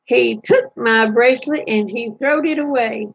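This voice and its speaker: High-voiced lady vlogger, chatty folksy storytelling, kinda husky. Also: a little slow, dull audio. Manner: folksy, chatty, laughs at her own stories. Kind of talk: casual storytelling.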